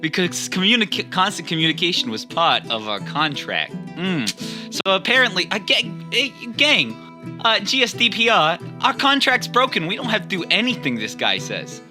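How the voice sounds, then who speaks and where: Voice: medium pitch, sing-song, over music. A player in a tabletop game who chats and jokes nonstop. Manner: chatty, joking, fast-talking.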